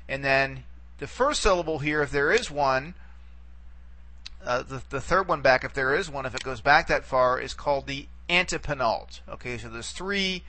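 A man's voice: medium pitch, gravelly, pushed and bright, slight background noise. A man teaching a recorded lesson, patient, repeating words and checking in with frequent "okay?" prompts. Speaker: Greek language teacher. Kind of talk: recorded video lecture.

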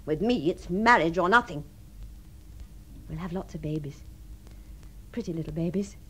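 An actress in a radio drama playing a refined, lonely woman who imagines she is about to marry, her voice moving between breathy tenderness and giddy excitement. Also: lowish voice, moderate pace, a little hiss or hum, close to an everyday voice. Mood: dreamy, coy. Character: deluded lonely upper-class spinster dreaming of marriage. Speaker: the Princess.

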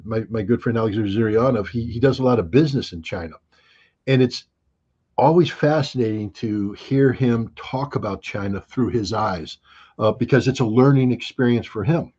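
A man's voice: mid-range voice, a little mellow, breathy edge, muffled recording. A man as an interview guest, talking in an emphatic, sarcastic way with mocking asides. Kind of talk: animated conversational commentary.

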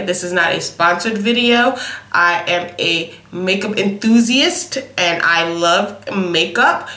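A woman's voice: medium pitch, bright, forceful tone. Woman, young adult, beauty vlogger, sassy chatty manner, sniffly, echoey home room. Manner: sassy, chatty, says honey and y'all. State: sniffly from a cold. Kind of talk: casual makeup review chat.

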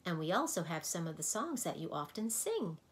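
Bossy little sound keeper lady, read by a woman, prim and fussy, a bit low voiced. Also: sing-song, a little fast. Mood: cheerful. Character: fussy stubborn woman who keeps sounds. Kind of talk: storybook read-aloud.

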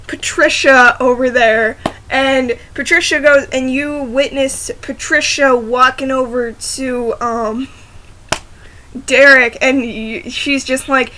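A woman's voice: high-pitched, fairly even intonation, takes it slowly, bright, forceful tone, slight background noise. A woman chatting casually to her laptop camera, rambling, giggling and often restarting her sentences to apologize. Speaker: vlogger. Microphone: laptop camera microphone.

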